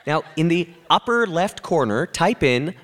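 An exasperated grown son in a comedy sketch, his voice mid-pitched and animated. He sighs and strains to stay patient with his mother. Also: a little slow. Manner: exasperated, sighing, lively. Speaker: son helping his mother with her computer.

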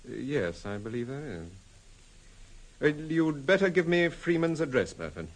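An actor playing a calm, questioning amateur detective in an old radio drama. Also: male voice, a little high. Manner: brisk, questioning, assured. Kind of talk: 1950s radio drama acting.

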